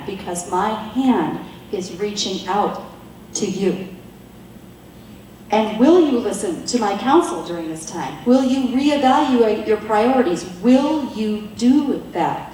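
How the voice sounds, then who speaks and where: A woman's voice: medium pitch, distant mic. Earnest woman preaching in an echoey hall. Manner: earnest, slows to soft deliberate phrases when voicing God. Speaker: women's ministry speaker. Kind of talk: devotional talk. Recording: echoey room, voice from afar, faint hiss.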